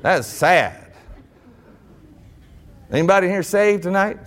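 A middle-aged man preaching a sermon, folksy and animated, breaking into shouted bursts. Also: high-pitched, slow.

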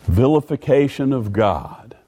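A middle-aged man preaching a sermon in a folksy way, stumbling over repeated words and rising in pitch when reading scripture. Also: lively intonation, unhurried, warm tone, slightly rough. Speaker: pastor.

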